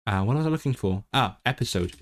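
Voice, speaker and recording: Man chatting haltingly on a stream. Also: mid-range voice, animated. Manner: halting, with many restarts and language switches. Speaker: livestream host. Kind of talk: casual chat, mixing Welsh and English.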